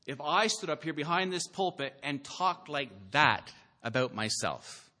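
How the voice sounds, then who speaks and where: A man preaching a sermon from a church pulpit, earnest and deliberate, building to emphatic, rising peaks and scattering the odd "uh". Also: a little high, expressive, bright, forceful tone. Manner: slow, deliberate delivery with filler "uh"s. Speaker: pastor.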